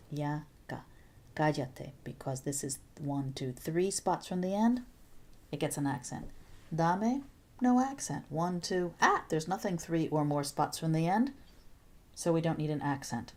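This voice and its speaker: A woman Spanish teacher explaining grammar step by step in a recorded video lesson, patient and clear with playful asides. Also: sits low, lively intonation, measured pace, dark tone.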